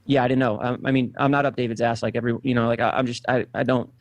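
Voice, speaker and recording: A man answers pointed questions, talking fast and flat and stumbling over his own restarts. He sounds defensive. The recording is dry and close. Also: medium pitch, no room sound, lo-fi sound. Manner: halting, defensive, many restarts. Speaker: interviewee defending himself. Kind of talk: conversational interview.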